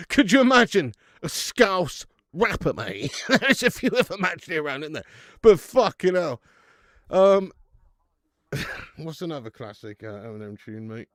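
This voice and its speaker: A man's voice: a little high, sing-song, measured pace, no room sound, studio quality. A man hosting a live football watch-along stream, chatting casually with viewers, laughing often and swearing freely.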